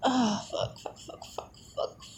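A young adult woman in a whispered role-play, speaking in a breathy, excited, profane whisper close to the mic. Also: takes it slowly, slight background noise.

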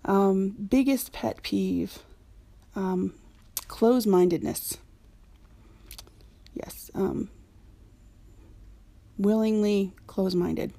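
Casting: frank, chatty woman, mellow tone with a bit of vocal fry, dry close mic. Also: mid-range voice, fairly even intonation, extremely slow, long pauses, no room sound. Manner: chatty, frank, with frequent ums and laughs. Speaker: community member answering a questionnaire. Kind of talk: casual spoken questionnaire.

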